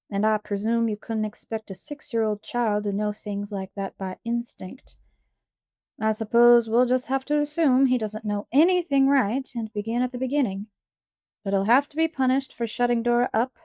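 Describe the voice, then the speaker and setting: A stern, practical older guardian, voiced by a woman reading a storybook. She speaks in a brisk, matter-of-fact way, warm and slightly high, with a dry, close sound. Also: dry recording, close to an everyday voice.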